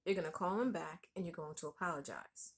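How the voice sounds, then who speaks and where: A woman's voice: low voice, a little fast, husky. A woman voicing a male friend who gives direct, matter-of-fact advice. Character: male friend giving frank calm advice.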